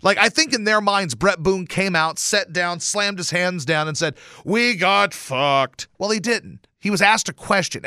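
A man hosting a podcast, delivering a casual, profane, animated rant on his own. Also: high voice, no room sound, clean studio sound. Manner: animated and profane, swears often. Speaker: podcast host. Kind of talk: casual ranting monologue.

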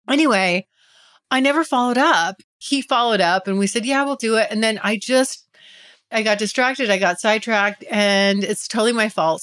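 A woman's voice: mid-range voice, a bit bright. A woman hosting a podcast, talking candidly and casually, often laughing and addressing her listeners directly. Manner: chatty, giggly, confessional, addresses listeners directly. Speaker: podcast host.

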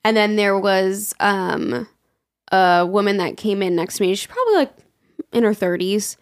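Animated young woman telling a story. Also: mid-range voice, normal speed. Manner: animated, acts out quoted people in raised voices, laughs often. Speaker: podcast co-host. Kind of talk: casual storytelling chat.

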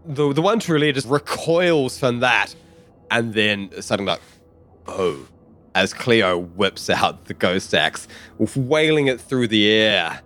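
A man running a tabletop game as game master, describing the action in a vivid, halting way with frequent restarts. His voice sits on the lower side. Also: expressive, fairly bright tone, soft background music.

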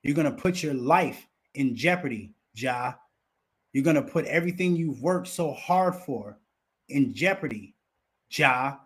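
A man's voice: mid-range voice, expressive, a little slow, fairly bright tone, husky. A man hosting a profane, casual commentary show, rowdy and swearing constantly as he riffs on clips.

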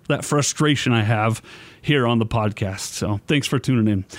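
A man hosting a sports podcast, calmly signing off the episode. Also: medium pitch, no room sound. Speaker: podcast host. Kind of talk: podcast sign-off.

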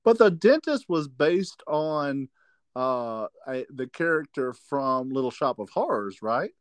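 A man's voice: medium pitch, animated, unhurried, no echo. A man co-hosting a podcast in casual chat, wry and teasing, laughing often. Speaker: podcast co-host.

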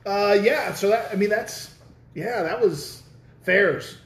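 A man's voice: high voice, slow pace, echoey room. A man with a Missouri accent co-hosting a podcast at home, chatting casually and playfully with lots of restarts. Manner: playful, joking, many restarts. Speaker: podcast co-host. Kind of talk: casual chat. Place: room at home with a dog.

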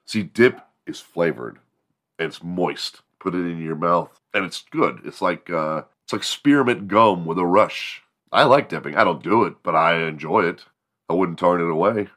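A man with a very low voice and a bright, forceful edge hosts a morning show. He tells comedic stories in a rambling, profane, animated way. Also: normal speed. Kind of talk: comedic storytelling.

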